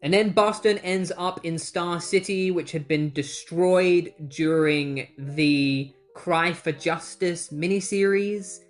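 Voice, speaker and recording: A comic book retrospective host runs through the plot in a loose, conversational way. The host drops wry asides and the occasional curse along the way. The voice sits in a middle pitch. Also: steady tone, slow, hardly any pauses, soft background music. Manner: breezy, wry, swears casually, acts out quotes. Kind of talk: casual plot recap.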